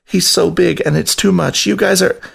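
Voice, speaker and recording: A man's voice: high voice, fairly even intonation, moderate pace, creaky, fairly bright tone, slightly rough, voice pushed up, heavily acted. A man putting on a meek, trembling rat. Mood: pleading. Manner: meek, pleading, shaky. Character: timid, trembling young male rat.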